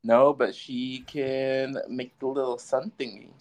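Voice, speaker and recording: A man's voice: medium pitch, little pitch movement, takes it slowly. A man co-hosting a casual recap podcast, laid-back, giving short replies and stumbling over names. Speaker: podcast co-host.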